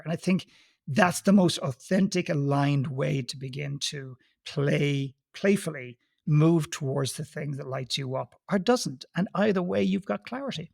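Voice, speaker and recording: A man's voice: a little high, unhurried, gravelly, dry recording, clean studio sound. A man speaking as a guest coach on a podcast, talking emphatically and telling stories with acted-out quotes. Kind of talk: conversational podcast interview.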